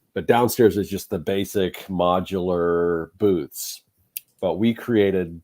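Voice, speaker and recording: A man's voice: low voice, dark tone. A middle-aged man co-hosting a podcast, telling a rambling story with lots of fillers. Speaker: podcast co-host, artist. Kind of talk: casual chat.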